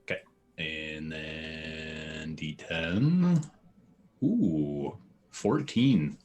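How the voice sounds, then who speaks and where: A man playing a tabletop game, relaxed and checking his dice rolls aloud. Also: very deep voice, very slow, dull audio. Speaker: player. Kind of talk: casual tabletop play.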